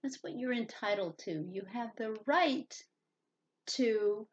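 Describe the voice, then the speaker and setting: Slow, patient woman teaching spelling. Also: on the high side, lo-fi sound. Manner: patient, spells words letter by letter. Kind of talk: slow reading lesson for young children.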